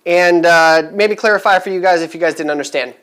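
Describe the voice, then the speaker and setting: A man's voice: fairly high pitch, fairly quick, a bit bright, clear, resonant tone. A man talking casually to camera in a vlog, chatty and rambling with many fillers, upbeat and eager. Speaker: vlogger giving resale advice.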